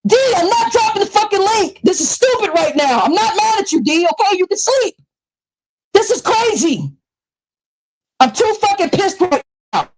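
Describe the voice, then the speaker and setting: A woman with a high voice rants on her live stream into a new microphone. She is heated and profane and often breaks into shouts. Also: sing-song, moderate pace, low-quality recording. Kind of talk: angry live-stream rant. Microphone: new desktop microphone.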